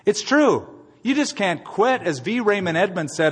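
Husky preaching man in a reverberant hall. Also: on the high side, sing-song, normal speed. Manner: emphatic preaching, swings from quiet to loud. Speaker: pastor. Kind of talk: sermon with closing prayer.

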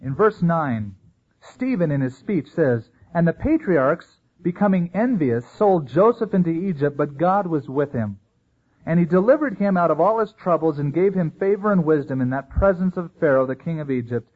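Male pastor, sermon delivery, slightly high husky voice, narrow tinny sound. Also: moderate pace. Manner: animated preaching, acting out quoted voices.

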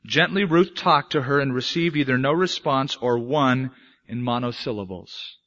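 A man preaching a sermon, swinging between hushed, slow lines and emphatic, raised ones. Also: mid-range voice. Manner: dramatic swings between soft and emphatic delivery. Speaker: pastor. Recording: muffled lo-fi recording.

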